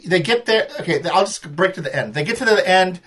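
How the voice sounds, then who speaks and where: A man's voice: sits high, lively intonation, a little fast, fairly bright tone. A man co-hosting a podcast, telling a story in casual chat and acting out his own reactions. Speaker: podcast co-host.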